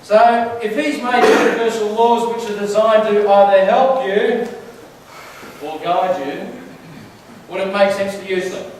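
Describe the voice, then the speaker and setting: A man's voice: high voice, unhurried, a little hiss or hum. A man giving a conversational sermon in a church, telling stories and asking the crowd questions. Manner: chatty, storytelling, asks the crowd questions. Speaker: church speaker. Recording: very echoey hall, mic far off.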